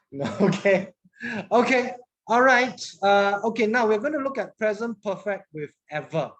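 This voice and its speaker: A woman's voice: mid-range voice, lively intonation, a little slow. A woman, teaching a class in a chatty manner, often repeating words and asking the class questions. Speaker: English teacher.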